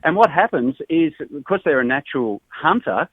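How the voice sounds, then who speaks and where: Calling into a live stream, this easygoing Australian radio presenter keeps the chat flowing and laughs a lot. He speaks at normal speed with a higher voice, lively intonation and a breathy edge, heard over a dry, tinny phone line without echo.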